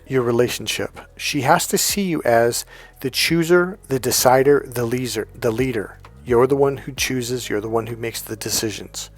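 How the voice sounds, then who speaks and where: A middle-aged man talks at an ordinary mid pitch, blunt and emphatic, spiking his dating advice with curses and quick anecdotes. Soft music sits faintly behind him. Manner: profane, emphatic, storytelling. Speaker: dating coach.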